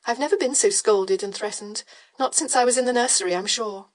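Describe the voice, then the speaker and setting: A woman plays a reserved young widow with a cool, quietly amused manner. She is an audiobook figure, close to the reader's own voice. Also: on the high side, brisk, natural voice. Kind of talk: audiobook character voice.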